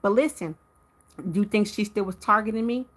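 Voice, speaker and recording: A woman hosting a live stream, telling her viewers about a dispute with a neighbor in a heated, animated way and talking to them directly. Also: mid-range voice, a little fast. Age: adult with a teenage son. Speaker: livestream host.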